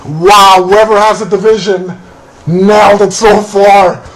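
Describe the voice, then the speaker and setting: A man hosting a card break, calling out player names and teams in a relaxed, casual way and laughing now and then. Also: high voice, unhurried, poor audio. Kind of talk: casual card-opening commentary.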